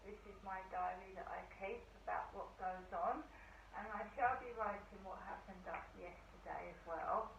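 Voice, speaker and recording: A hoarse middle-aged woman chatting casually to her vlog camera at home, telling a rambling story. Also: mid-range voice, normal speed. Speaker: vlogger. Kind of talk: casual diary-style chat. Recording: echoey room, distant mic, dull sound, faint hiss.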